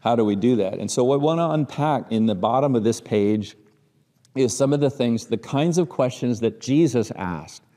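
A man's voice: mid-range voice, expressive, moderate pace, mellow, big-room sound. A middle-aged man with a Midwestern American accent teaching a church class, talking conversationally, posing rhetorical questions and often restarting his sentences.

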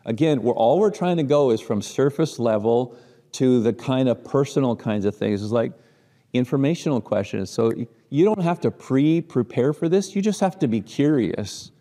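A man's voice: mid-range voice, animated, moderate pace, dark tone, long reverb tail. A middle-aged man with a Midwestern American accent teaching a church class, talking conversationally, posing rhetorical questions and often restarting his sentences.

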